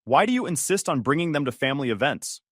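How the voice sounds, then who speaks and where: A cold, dismissive older mother, read by a man who talks as if she is the only sensible one. Her voice rises and falls with lively swings of pitch. The sound is close and dry, with no room around it. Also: fast, no room sound. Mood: probing. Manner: dismissive, falsely reasonable.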